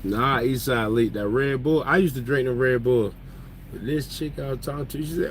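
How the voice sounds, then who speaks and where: A man's voice: medium pitch, normal speed, a little hiss or hum, poor audio. A man who drives trucks, telling stories in loose casual chat, joking and laughing as he talks. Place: truck cab.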